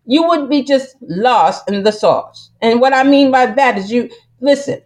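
A woman's voice: on the high side, expressive, measured pace. Emphatic, preachy woman podcast host. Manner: emphatic, preachy, keeps saying "listen"; rambling with many fillers and restarts. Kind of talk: casual monologue podcast.

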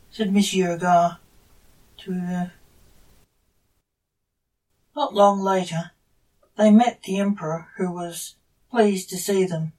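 A woman reading a story aloud for her own podcast, measured and deliberate. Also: lowish voice, fairly even intonation, a little mellow, recorded from a distance, low-quality recording.

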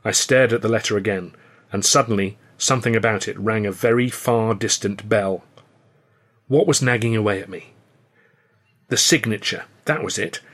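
A man's voice: fairly low pitch, normal speed, fairly bright tone. A man reading his own comic novel aloud in a dry, wry storytelling manner. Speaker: author and audiobook narrator. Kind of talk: scripted narration.

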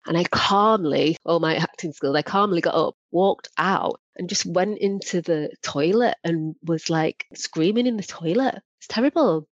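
A woman's voice: lowish voice, moderate pace, few pauses, dry recording. A woman, a podcast guest telling candid stories about her work and acting out the voices of people involved. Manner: animated, acts out quoted voices. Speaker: guest, former probation practitioner. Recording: dry, dull lo-fi audio.

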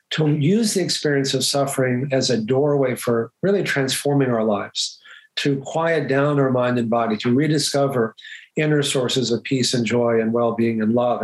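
A man's voice: mid-range voice, poor audio. Earnest reflective man telling a story. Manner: reflective, earnest, halting with restarts. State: emotional while telling the story. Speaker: doctor. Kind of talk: personal storytelling in an interview.

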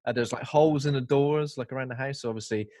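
A man's voice: medium pitch, quick pace, no room sound. A young man chats about a film, recorded close and dry with almost no room sound. His voice sits in a middle register, and he throws himself into retelling scenes. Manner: animated storyteller who acts out quotes. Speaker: podcast co-host. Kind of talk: casual film review chat.

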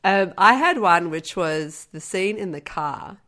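A young woman in casual chat, animated, laughing often and acting out quotes in put-on voices. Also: fairly low pitch, a little slow.

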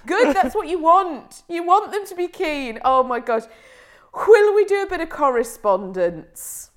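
A woman's voice: very high-pitched, a little slow. A woman co-hosting a podcast, chatting casually and telling a story with lots of laughter. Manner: animated storytelling, laughing often. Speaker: podcast co-host. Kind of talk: casual chat.

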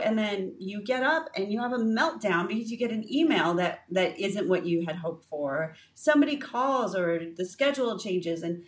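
A woman's voice: medium pitch, normal speed, few pauses. Woman co-host telling stories, slightly distant. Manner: lively storytelling with frequent fillers and restarts. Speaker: podcast co-host. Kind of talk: casual faith podcast chat.

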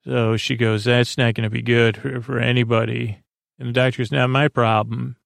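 A man's voice: medium pitch, little pitch movement, normal speed, creaky, no echo, studio quality. A man hosting a podcast, casually retelling a story in a rambling way with lots of filler words and "he goes, she goes.". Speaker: podcast host. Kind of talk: casual plot recap.

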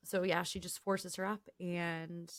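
A woman co-hosting a podcast, retelling TV scenes casually with animated asides. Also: lowish voice, unhurried. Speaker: podcast co-host. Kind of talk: casual recap chat.

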